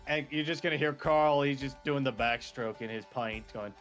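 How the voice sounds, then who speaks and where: A man narrating a tabletop game as game master, chatty and animated. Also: medium pitch, normal speed, faint music behind.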